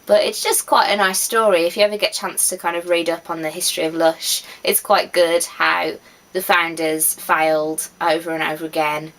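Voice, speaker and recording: A woman's voice: fairly low pitch, steady tone, moderate pace, a bit bright, low-quality recording. A woman, chatting casually to camera with easy laughs and trailing asides. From West Midlands, England. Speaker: vlogger.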